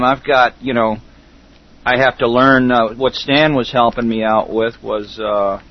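A middle-aged man hosting a casual internet radio chat, talking haltingly with lots of fillers and restarts. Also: mid-range voice. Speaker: host. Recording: dull lo-fi call audio.

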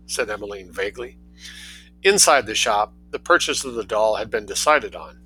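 A man reading a story aloud in a relaxed, lively way, doing voices for the characters. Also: lowish voice, moderate pace, faint music behind, rough recording.

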